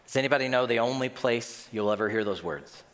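A pastor delivers a sermon, animatedly telling stories and acting out the voices he quotes. His mid-range voice moves fairly quickly, and a long reverb tail trails each phrase.

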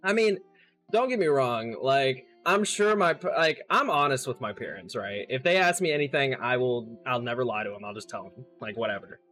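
A young streamer and podcast host chats casually in a mid-range, animated, fairly bright voice at normal speed, laughing a lot, swearing, and trailing off mid-sentence. Soft music plays in the background.

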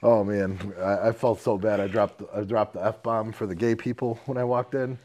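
A man's voice: fairly low pitch, steady tone, moderate pace, highs cut off. Rowdy laughing man telling stories. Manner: rowdy storytelling, acts out quotes loudly, laughs a lot, swears freely. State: tipsy. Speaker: podcast co-host. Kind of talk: casual chat.

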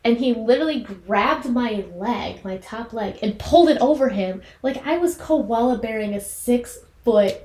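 A woman's voice: a little high, normal speed, hardly any pauses, warm tone. A woman in her twenties co-hosting a podcast, telling stories in a rambling way with lots of "like". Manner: rambling storyteller, heavy filler "like". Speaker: podcast co-host. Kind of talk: casual chat. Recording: echoey room, faint noise.

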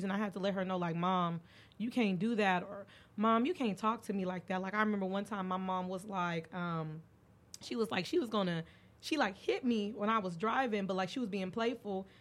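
A young woman hosting a podcast, telling candid stories in casual chat and acting out the quoted lines. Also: medium pitch. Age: young adult. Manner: candid storytelling, animated when acting out quotes. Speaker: podcast host.

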